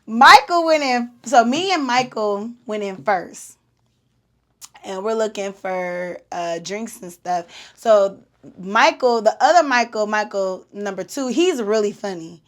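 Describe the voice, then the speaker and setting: A woman, hosting a podcast and telling a story in an animated, slangy way with laughs. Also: mid-range voice. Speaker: podcast host. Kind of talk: casual storytelling.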